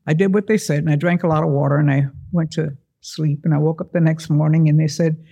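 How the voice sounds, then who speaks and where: A man telling a first-person story to a live audience, animated, acting out the voices of the people in it. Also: fairly high pitch, quick pace, vocal fry, hardly any pauses. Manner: animated, acts out quoted voices.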